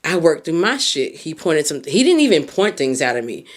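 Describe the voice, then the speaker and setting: Earnest woman podcast host giving advice. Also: normal speed. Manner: earnest, speaks straight to the listener; expressive pitch swings on emphasis. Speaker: podcast host and mindset coach. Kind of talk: heartfelt advice monologue.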